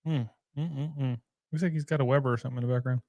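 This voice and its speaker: An easygoing male podcast host who chats casually and reads out listener messages. His voice is middle-pitched, captured dry on a close mic. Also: fairly even intonation, quick pace, warm tone, dry recording. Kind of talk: casual chat.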